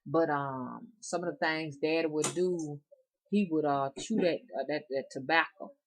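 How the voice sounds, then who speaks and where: A middle-aged woman from the Deep South speaks in a low, homey voice with a strong Alabama accent. She rambles along in a folksy, unhurried way, addressing her viewers directly as she reminisces. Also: slight background noise. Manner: rambling, folksy, chuckling often. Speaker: rootworker vlogger. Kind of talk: casual chat to viewers.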